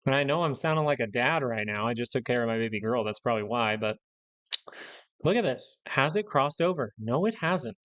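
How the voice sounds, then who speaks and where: A young man runs a live stock market stream in a blunt, ranting way. He hammers the same warnings again and again in a mid-pitched voice. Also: animated, fairly quick, a bit bright. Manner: blunt, ranting, repeats himself for emphasis. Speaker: stock market livestream host.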